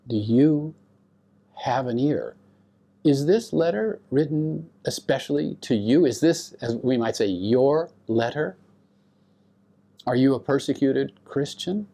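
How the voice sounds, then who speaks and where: Male Bible lecturer, slow and deliberate, with a pitch that rises and falls a lot, and he asks his listeners questions. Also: expressive, vocal fry, dark tone. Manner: explains Greek grammar to students. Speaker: Bible teacher.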